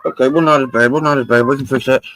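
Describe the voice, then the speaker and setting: A man's voice: medium pitch, fairly even intonation, very fast, fairly bright tone, no echo, low-quality recording. A man hosting a casual livestream, rambling and teasing his friends with salty jokes. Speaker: livestream host.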